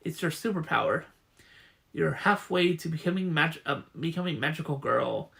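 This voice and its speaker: A man's voice: on the high side, animated, moderate pace, vocal fry, fairly bright tone. A man reading the lines of a chatty, teasing teenage girl friend in a comic. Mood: curious.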